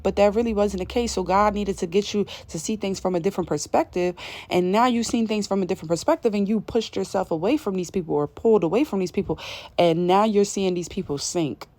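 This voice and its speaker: A woman's voice: medium pitch, quick pace, a little mellow, dry recording. A woman delivering an intuitive spiritual message to her viewers, in emphatic, casual, slangy talk that repeats its points. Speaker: spiritual reader.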